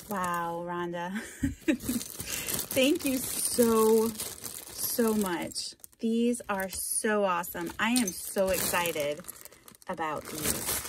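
A woman hosting a craft vlog, opening a package on camera and gushing with delight, with frequent exclamations and breathy asides. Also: medium pitch, noisy background. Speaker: craft channel host. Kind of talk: unboxing vlog.

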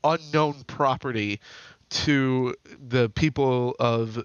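A man in a middle-pitched voice talks through game lore in a relaxed podcast chat. He strings long sentences together with fillers. The sound is dry, close and without room echo. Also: takes it slowly, smooth, muffled recording. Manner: retells the story in long run-on stretches, with fillers. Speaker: podcast co-host. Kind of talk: casual lore discussion.

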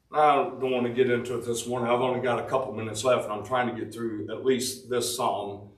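A man's voice: medium pitch, little pitch movement, brisk, roomy sound, recorded from a distance, low-quality recording. A man preaching a devotional sermon, reading scripture in old-fashioned Bible wording and explaining it.

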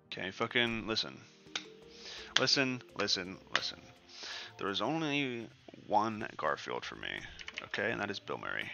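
A man's voice: lowish voice, big pitch swings, normal speed, vocal fry, over music. A young man giving casual, profane commentary over a game he is playing, rambling and ranting as he goes. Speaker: gaming streamer.

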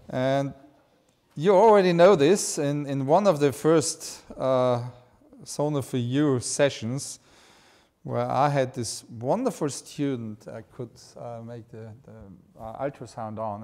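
A man's voice: medium pitch, darkish tone. Enthusiastic Styrian-accented male lecturer. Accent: Styrian Austrian. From Austria. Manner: enthusiastic, informal, joking. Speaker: anatomy lecturer. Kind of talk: live lecture.

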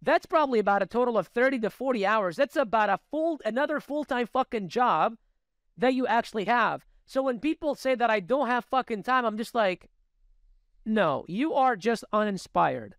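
A man co-hosting a podcast, telling stories in a profane, animated, casual way. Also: very high-pitched, fairly quick, clear, resonant tone, dry recording, clean studio sound. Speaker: podcast co-host.

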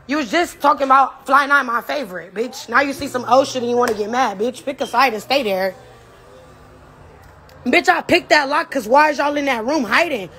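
High-voiced woman taunting in a profane rant. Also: fairly bright tone, slight background noise. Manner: taunting, profane trash talk with laughter. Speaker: reality show cast member. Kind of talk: direct-to-camera rant.

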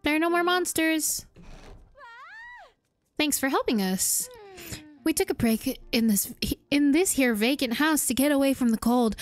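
A woman voicing a chummy game traveler with a put-on Southern US drawl, reading the dialogue aloud in a homespun way. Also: high-pitched. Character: folksy game traveler rescued from monsters.

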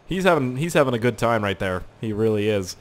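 A young man hosts a gaming channel, doing casual let's-play commentary in a fairly low, animated voice at a moderate pace. He's goofy and jokey, and he swears freely.

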